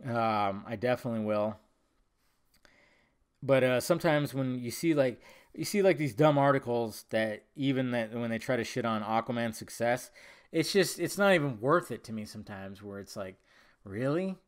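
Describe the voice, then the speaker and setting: Smooth and medium-pitched, the host's voice moves at a normal speed as he carries a one-man podcast. He chats casually, wanders from point to point, curses, and laughs a lot.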